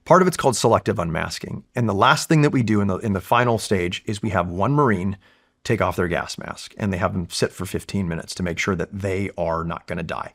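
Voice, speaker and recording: A Marine veteran from California, speaking low and briskly, tells war stories in a casual interview. His energy is animated and profane.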